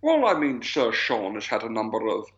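A man's voice: lowish voice, wildly swooping pitch, moderate pace, fairly bright tone, highs cut off. A man co-hosting a podcast, chatting casually about films and laughing often. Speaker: podcast co-host. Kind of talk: casual chat.

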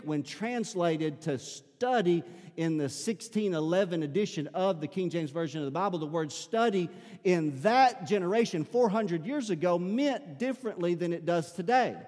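An earnest male pastor preaches in a church sanctuary, repeating words often as he presses his point. His voice is high-pitched and a little mellow, heard through long hall reverb.

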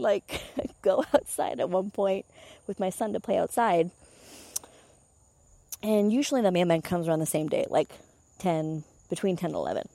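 Young woman rambling through a story, mellow warm voice, dry close sound, swears and acts out her reactions. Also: mid-range voice, normal speed, no room sound. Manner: chatty, animated retellings with swearing and laughs. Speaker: meditation teacher. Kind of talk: casual storytelling monologue.

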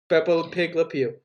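Man, podcast host, casual chat, joking, profane, slightly high pitch. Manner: joking, profane, quotes people in mock voices.

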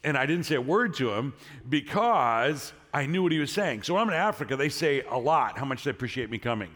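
A man's voice: mid-range voice, a little fast. A middle-aged male pastor preaching a sermon in a church, telling a story in a casual way before rousing the congregation with energy. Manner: casual storytelling, then energetic crowd prompting. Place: church sanctuary. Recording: long hall reverb from a church.

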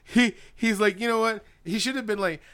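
A man's voice: high voice, brisk, fairly bright tone, clean tone. A man co-hosting a podcast, chatting casually and swearing a lot, acting out quotes as he goes. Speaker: podcast co-host. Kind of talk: casual chat recapping a show.

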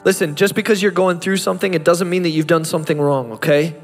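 A pastor in his thirties delivers a sermon, his voice sitting high and turning impassioned as he builds. The sound carries a long hall reverb with faint music underneath. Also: steady tone, fast. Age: 30s. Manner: impassioned, rising to fervent peaks.

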